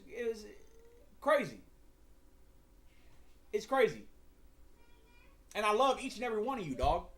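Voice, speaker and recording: A young man hosting a livestream, chatting casually in a slangy, profane, rambling way with frequent stumbles. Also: sits high. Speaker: livestream host.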